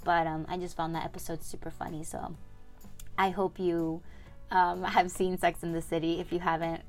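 Chatty upbeat young woman, lower voice. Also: little pitch movement, normal speed, soft background music. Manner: chatty, upbeat, lots of fillers. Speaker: podcast host. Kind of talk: casual solo podcast chat.

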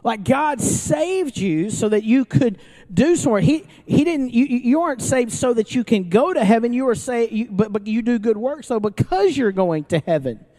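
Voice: medium pitch, lively intonation, moderate pace, mellow. Joking, conversational pastor preaching live. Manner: conversational and joking, with frequent restarts; asks the audience questions. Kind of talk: sermon to a live congregation. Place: church service before an audience, also streamed online.

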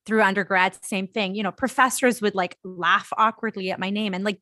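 A woman's voice: medium pitch, a bit bright, no echo, studio quality. A woman from India, a guest on a podcast, explaining things candidly. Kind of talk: podcast interview.

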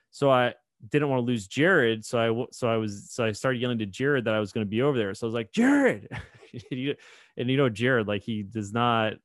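A man with a gravelly, somewhat low voice spins a rambling story for his podcast, full of restarts and chuckles. The sound is close and dry, with no room around it. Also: no room sound. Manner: rambling anecdote with frequent restarts and laughter. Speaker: podcast co-host. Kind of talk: casual storytelling chat.

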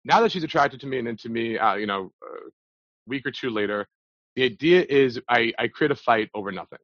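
A man's voice: mid-range voice, brisk, a bit bright, no echo. Man telling a story casually, dull dry audio. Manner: loose, filler-heavy with frequent restarts. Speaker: podcast guest.

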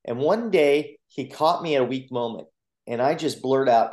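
A man who coaches and gives talks recounts his own story in an interview, earnest and animated as he acts out the voices of people in it. His voice sits at an ordinary middle pitch. The recording has a roomy echo. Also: moderate pace. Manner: earnest, animated retelling with acted quotes. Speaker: motivational coach and speaker. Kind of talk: personal storytelling in a podcast interview.

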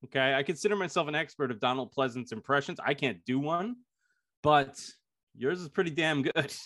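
A man's voice: fairly high pitch, a little fast, a bit bright, no echo, studio quality. An American man with a general American accent co-hosting a podcast, speaking emphatically and casually about movies. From United States. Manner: enthusiastic, emphatic, swears casually. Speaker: podcast co-host. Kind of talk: casual chat.

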